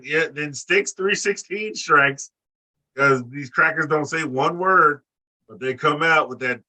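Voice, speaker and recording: Bright-voiced man ranting crudely. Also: medium pitch, rough recording. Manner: blunt, crude, animated rants. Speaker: podcast co-host. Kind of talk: casual profane chat.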